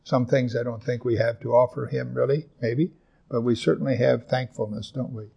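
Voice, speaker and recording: A man pastor preaching a sermon, earnest, repeating and slowing down on scripture verses for emphasis. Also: medium pitch, steady tone, creaky, slightly rough, lo-fi sound.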